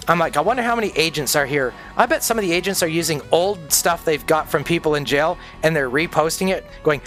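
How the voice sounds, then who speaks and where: Ranting high-voiced man, music behind. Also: lively intonation, fast talker, few pauses, fairly bright tone. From Canada. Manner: profane, ranting, acts out quoted people. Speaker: streamer. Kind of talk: casual rant while gaming.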